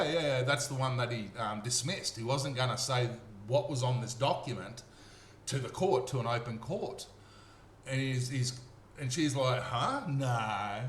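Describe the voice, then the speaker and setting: Australian man, casual storytelling monologue, mid pitch, animated, echoey room with faint hum. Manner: animated, acts out quoted voices.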